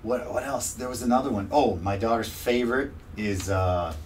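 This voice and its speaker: Low-voiced, animated male interview guest. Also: moderate pace, a little hiss or hum. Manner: animated, laughing storyteller. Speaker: podcaster guest. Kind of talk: casual interview chat.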